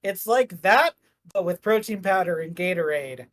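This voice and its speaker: A man's voice: high-pitched, expressive, moderate pace, a bit bright, slight background noise. A man running a tabletop game as game master, describing the scene in a loose, rambling way full of "like" and "uh". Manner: rambling, filler-heavy, jokey.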